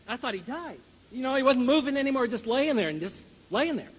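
A man's voice: very high-pitched, a little fast, husky. An older man telling a personal story to a church audience, chuckling and acting out scenes as he speaks. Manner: lively storyteller who chuckles and acts out the scene. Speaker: Bible college teacher and speaker. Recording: long reverb of a large hall.

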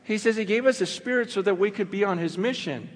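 Male pastor, sermon delivery, fairly high voice, swings from fervent near shouts to quiet asides, long hall reverb. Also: fast talker. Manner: impassioned, building to near shouts then dropping low.

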